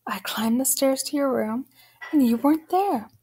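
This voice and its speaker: A tearful mother with a high, trembling voice, put on by a woman narrating a storybook. She speaks with a faint gravelly edge. Her lines come out emotional and pleading. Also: lively intonation, normal speed, warm tone, heavily acted. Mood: distraught.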